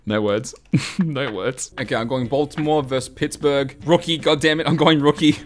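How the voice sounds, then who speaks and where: A man giving foul-mouthed, sarcastic let's-play commentary, breaking into shouts and laughter. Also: medium pitch, fairly even intonation, moderate pace, soft background music. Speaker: gaming YouTuber.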